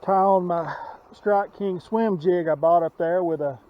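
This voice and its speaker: A fishing vlogger from north Alabama stands outdoors by a lake, narrating his fishing trip to the camera in a laid-back way while out of breath. His voice is high-pitched and unhurried, and the recording is muffled.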